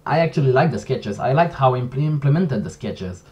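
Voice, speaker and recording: A man who speaks English as a second language, giving a casual commentary vlog in a halting, self-correcting way. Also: medium pitch, animated, darkish tone, muffled recording. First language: not English. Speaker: video essayist.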